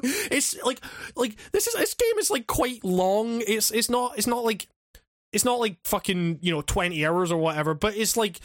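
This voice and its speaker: Casual podcast co-host, male, higher pitch, rambling and profane, dead-dry room. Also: expressive, moderate pace, dry recording. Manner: rambling, profane, many restarts and fillers; laughs often while talking. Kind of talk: casual chat.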